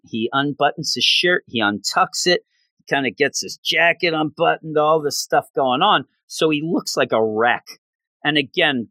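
A man casually and excitedly recapping a story chapter by chapter, chatty and gushing. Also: medium pitch, dry recording. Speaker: manga reviewer.

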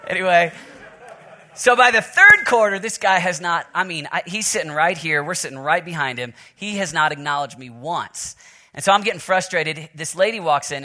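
Pastor guy from oklahoma, bright voice sitting a bit high, joking around then praying. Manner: joking storyteller, then earnest prayer. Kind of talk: sermon.

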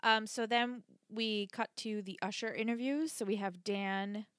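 A woman's voice: medium pitch, unhurried, a bit bright, smooth, no echo, studio quality. A woman co-hosting a podcast, recapping a TV episode in casual chat and acting out the characters' lines. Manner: recaps scenes, acts out quotes. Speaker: podcast co-host.

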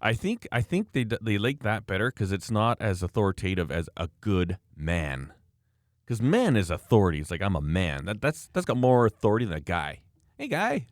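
A blunt, emphatic man talks in a casual podcast chat, his voice sitting on the lower side. The sound is dry and close, with no room around it. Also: sing-song, fairly quick, no room sound. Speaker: podcast host, former project manager.

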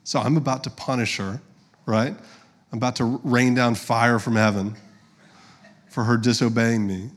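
Pastor, man in his thirties, casual storytelling sermon, middle-pitched voice. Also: fairly even intonation, normal speed, pauses often. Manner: conversational, personal storytelling with direct audience address.

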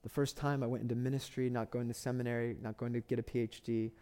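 Impassioned pastor with a mellow voice. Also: male voice, medium pitch, level tone, fast talker, clear, resonant tone. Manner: impassioned storytelling, repeats phrases for emphasis. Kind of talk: sermon.

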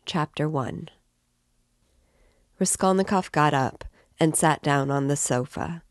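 A woman reading a novel aloud as narrator, in a measured, steady way. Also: sits low, no echo, studio quality. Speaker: reader.

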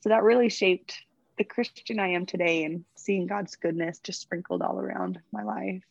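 A young woman athlete being interviewed, chatting warmly and gushing, getting emotional as she talks about her faith. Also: medium pitch, animated, normal speed, vocal fry, no room sound, muffled recording. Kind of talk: casual interview.

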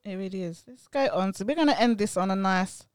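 A young Cockney woman hosting a relaxed group podcast, chatty and quick to laugh. Her voice sits at an ordinary middle pitch and is recorded dry and close. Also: clear, resonant tone, no room sound. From East London. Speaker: podcast host. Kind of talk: casual group chat.

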